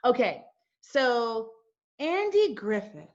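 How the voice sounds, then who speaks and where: Slow and sing-song, with a voice on the high side, a middle-aged founder and host passionately addresses her audience. Her delivery is emphatic and full of repeated rhetorical questions, and the sound quality is dull lo-fi.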